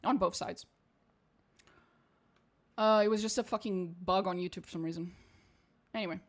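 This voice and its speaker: A young Portuguese woman streams a game, her mid-range voice steady and her pace normal as she offers blunt, profane commentary full of laughter. Her accent shifts around, mostly posh British or American with a faint Portuguese edge.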